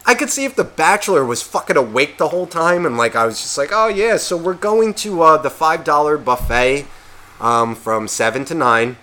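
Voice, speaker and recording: A man co-hosting a podcast, telling a story in a casual, profane, animated way and acting out quotes. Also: fairly high pitch, normal speed. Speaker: podcast co-host.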